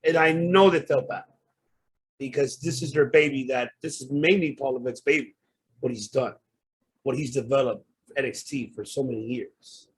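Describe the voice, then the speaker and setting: A man's voice: medium pitch, normal speed, slightly rough. A man hosting a podcast, ranting with heated, profane outbursts. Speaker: podcast host. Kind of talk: casual podcast rant.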